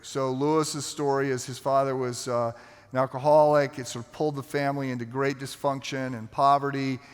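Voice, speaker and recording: Man preaching with long hall reverb. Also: mid-range voice. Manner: conversational storytelling, halting restarts. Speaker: pastor. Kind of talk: sermon. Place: large church sanctuary.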